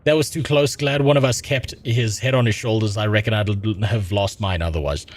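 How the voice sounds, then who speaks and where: A man reading a gruff sailor's lines aloud in a put-on folksy drawl. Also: fairly low pitch, fairly quick, lightly acted. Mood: storytelling.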